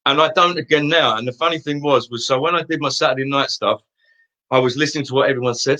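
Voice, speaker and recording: Speaking quickly in a bright, forceful, mid-range voice, a stage singer in his fifties with an Essex accent chats casually as an interview guest. He tells rambling anecdotes along the way.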